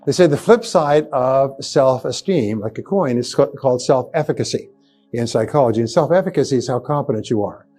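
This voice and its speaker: Faint music plays behind an older man addressing a live motivational seminar audience. His mid-range voice is warm, expressive and fairly quick as he hammers short phrases over and over, climbing to punchy exclamations.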